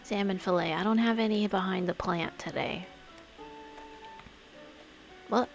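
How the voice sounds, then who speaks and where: A woman streamer talks her way through a game at an unhurried pace, half murmuring to herself as she works things out. Her voice has a steady vocal fry, and faint music plays behind her. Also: mid-range voice. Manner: thinks aloud, murmuring to herself. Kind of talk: casual gameplay chatter.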